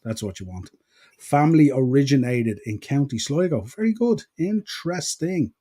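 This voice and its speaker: Reading through viewer comments, the Irish host of a wrestling podcast rambles along casually, dropping fillers as he goes. He has an east-coast Dublin-Wicklow accent and a mellow, husky, medium-pitched voice, animated but at a moderate pace.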